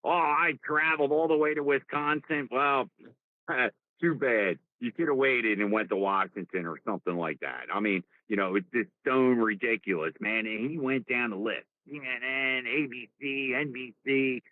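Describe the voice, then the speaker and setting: A man's voice: medium pitch, normal speed, no room sound. A man with a strong New Jersey accent hosting a live political talk show, ranting and repeating his words as he goes. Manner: animated, rambling, repeats words. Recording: dry tinny phone-like sound.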